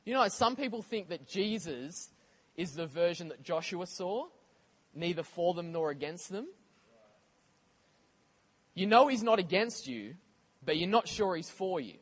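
A man preaching a sermon in a conversational, animated way, with casual asides to the congregation. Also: sits high, unhurried, pauses often, slightly rough.

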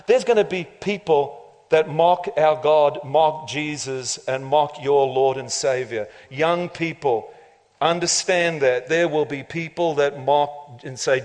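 A man preaching a lively, joking sermon as pastor of a church, laughing often and building to loud climaxes. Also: a little high, measured pace. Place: church auditorium. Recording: long reverb of a large hall.

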